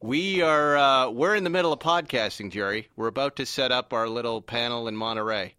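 A man's voice: medium pitch, a little fast, bright, forceful tone, clear, resonant tone, no room sound. A man hosting a casual car podcast in a studio room, chatting loosely and laughing often. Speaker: podcast host. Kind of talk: casual chat.

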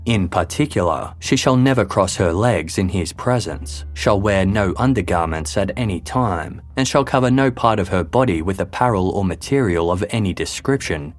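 A man reading a scripted true-crime narration in a measured, grave way. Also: low-pitched, animated. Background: faint background music.

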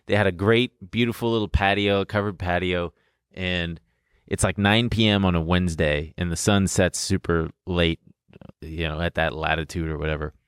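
Podcast co-host, young man, lowish voice, dry close sound, rambling self-mocking storyteller. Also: steady tone, normal speed, clear, resonant tone, dry recording. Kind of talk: casual storytelling chat.

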